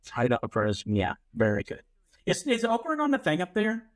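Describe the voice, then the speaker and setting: A man's voice: sits high, wildly swooping pitch, moderate pace. A man co-hosting a podcast, joking in casual chat. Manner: playful, joking. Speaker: podcast co-host.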